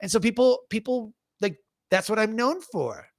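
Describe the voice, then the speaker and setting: A man's voice: sits high, moderate pace, no echo, clean studio sound. A man as an interview guest, telling stories energetically, acting out audience scenes and saying "like" a lot. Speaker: guest speaker. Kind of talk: casual interview storytelling.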